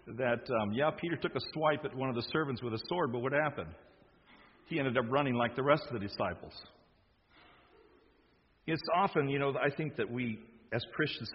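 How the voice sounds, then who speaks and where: Husky male preacher, emphatic sermon delivery, dull lo-fi recording. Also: mid-range voice. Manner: emphatic, acts out quoted lines with rising force. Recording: dull sound with long hall reverb.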